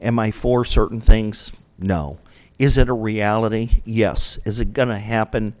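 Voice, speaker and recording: A man giving a blunt public comment at a city council meeting into a podium microphone, asking himself questions and answering them flatly. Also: on the low side, unhurried.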